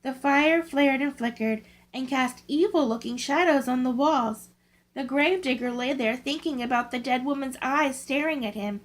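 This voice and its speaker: A woman reading scary stories aloud from a book in a slow, careful storytelling way. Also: high voice, rough recording. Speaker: channel host, story reader.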